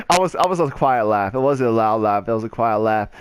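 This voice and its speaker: A man's voice: medium pitch, a little fast. A young man casually telling a rambling story over gameplay, acting out the people in it. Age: young adult. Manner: rambling, animated retelling with quoted voices. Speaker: gaming channel host.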